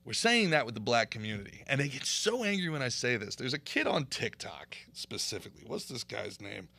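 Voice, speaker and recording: A man hosting a podcast, talking casually in an animated, opinionated way. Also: medium pitch, fairly quick, creaky, no room sound. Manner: animated, opinionated ranting with laughs. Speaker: podcast host and comedian.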